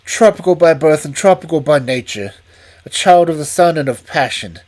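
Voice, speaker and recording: A man's voice: a little high, lively intonation, moderate pace, a little mellow. A man reading aloud and voicing a nervous, frightened male estate manager who speaks in urgent, breathless bursts.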